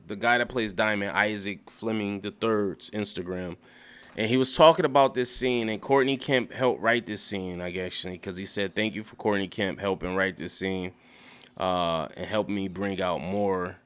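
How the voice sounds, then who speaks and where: A young man talks through a TV episode in a loose, profane, rambling rant. His voice sits low and comes across smooth and clean. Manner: rambling, profane, animated storytelling with acted quotes. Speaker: YouTube show recapper. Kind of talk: casual recap rant.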